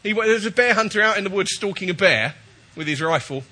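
A man's voice: high-pitched, lively intonation, fast talker, sharp tone. A man preaching a chatty, jokey sermon while he has a cold, often checking in with his listeners.

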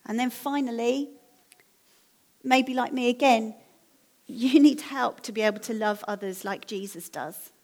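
A woman preaching a sermon in a church, speaking in a gentle, earnest and encouraging way. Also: a little high, unhurried, pauses often. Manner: gentle, earnest, encouraging appeal with soft laughs.

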